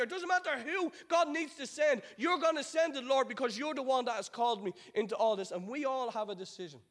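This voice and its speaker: High-voiced man preaching a sermon. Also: fairly quick, few pauses, fairly bright tone. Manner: preaching with rhetorical questions and building repetition; acts out quoted voices of biblical figures. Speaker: pastor.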